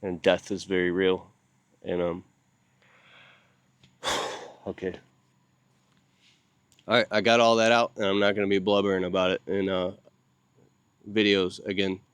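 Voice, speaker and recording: A grieving man speaks straight to the camera in a low voice, stopping often and repeating himself. He sounds worn out from lack of sleep. The recording is close and dry, with no room sound. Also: flat delivery, fairly bright tone, clean tone, no echo. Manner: halting, with many pauses and repeated words; grieving and heartfelt. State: sleep-deprived. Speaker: video channel host. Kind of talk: casual talk to camera.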